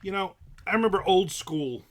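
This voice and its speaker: A man's voice: high voice, lively intonation, moderate pace. A middle-aged man hosting a livestream, giving a casual rant in a blunt, profane and opinionated way. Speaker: livestream host.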